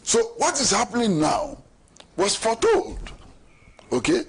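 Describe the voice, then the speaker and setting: A man's voice: high voice, big pitch swings, a little slow, vocal fry, husky. A middle-aged man with a Ghanaian accent giving emphatic political commentary as a talk show host, repeating rhetorical questions. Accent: Ghanaian English.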